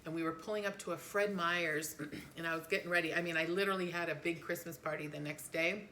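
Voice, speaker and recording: A middle-aged woman co-hosting a family podcast, telling a story in a casual, animated way and jumping high when she quotes people. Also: quick pace, a little hiss or hum. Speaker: podcast co-host.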